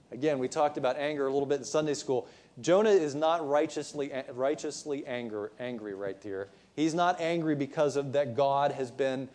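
A man's voice: medium pitch, a little mellow. A male preacher giving a sermon, retelling the story conversationally with frequent restarts.

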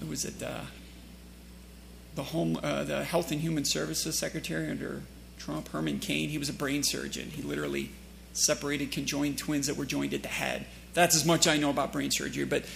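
A man's voice: fairly high pitch, vocal fry, sharp tone, a little hiss or hum. A man preaching a sermon in a church. He reads scripture aloud, asks the congregation questions and makes joking asides.

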